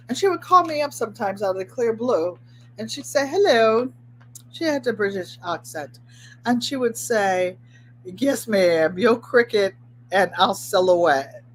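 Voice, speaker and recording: A woman chats through a home craft livestream, speaking straight to her viewers with encouraging, motivational asides. She tends to repeat a phrase twice for emphasis. Her voice sits at an ordinary middle pitch, with a faint hum behind her. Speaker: host of a craft channel. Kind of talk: casual livestream chat. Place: at home, indoors.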